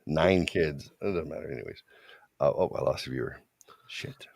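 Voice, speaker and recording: A man's voice: a bass voice, moderate pace, gravelly, a little mellow, no room sound. A man co-hosting an online talk show, telling crude stories in a rambling, joking way. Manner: rambling, joking, voices quoted people. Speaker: podcast co-host. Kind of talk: casual chat, crude storytelling.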